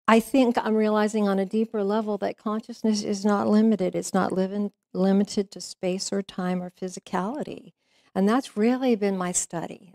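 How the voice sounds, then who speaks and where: A woman's voice: mid-range voice, a little mellow, dry recording, studio quality. A woman minister giving a sermon, telling a story in a conversational way with frequent fillers. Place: church sanctuary.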